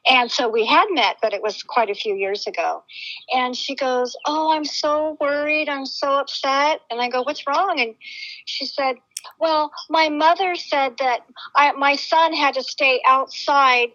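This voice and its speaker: A woman's voice: high-pitched, sharp tone. A woman casually recounting an experience to a host, acting out the dialogue as she goes. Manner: chatty, repeats quoted dialogue. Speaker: guest eyewitness. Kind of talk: casual storytelling conversation. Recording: dull lo-fi audio.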